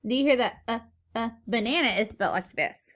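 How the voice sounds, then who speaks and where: A woman teacher leading a phonics lesson for young children, slow and encouraging, sounding out words syllable by syllable. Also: fairly high pitch, animated, fairly bright tone. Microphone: recorded lesson video.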